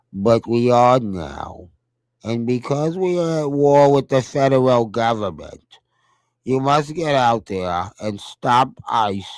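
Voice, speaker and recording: A man's voice: on the low side, dry recording, pitched below the performer's own voice, poor audio. A man doing a glum droning politician. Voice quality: slow, drawling, flat and glum. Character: mopey, droning male politician in a cartoonish low voice. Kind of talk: mocking impression.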